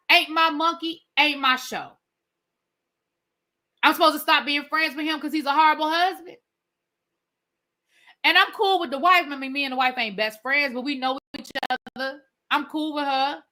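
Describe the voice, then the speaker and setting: Woman, livestream reviewer host; blunt, animated, forceful bright tone, slightly high. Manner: blunt and opinionated, reads out viewer comments; animated, swears casually. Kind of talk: casual livestream commentary.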